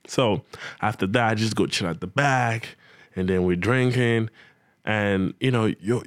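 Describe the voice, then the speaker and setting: Young male storyteller, low-voiced, slangy and animated, dry close sound. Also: no room sound. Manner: animated, slangy, acts out his own reactions. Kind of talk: casual comic anecdote.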